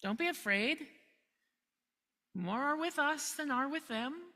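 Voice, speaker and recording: A woman voicing a calm, wry prophet. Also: sits high, slow pace, voice pushed up, full character voice. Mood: reassuring. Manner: reassuring, breezy. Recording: long hall reverb.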